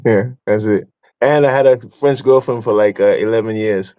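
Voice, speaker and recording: A man's voice: on the low side, normal speed, warm tone. A man co-hosting a podcast, laid back and easygoing in casual chat. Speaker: podcast co-host.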